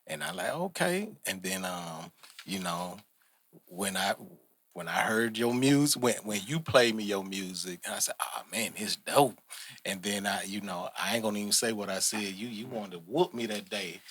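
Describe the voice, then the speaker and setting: Deep husky man, laid-back host. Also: moderate pace, a bit bright, dry recording. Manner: laid-back, quotes himself in retelling. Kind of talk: casual chat.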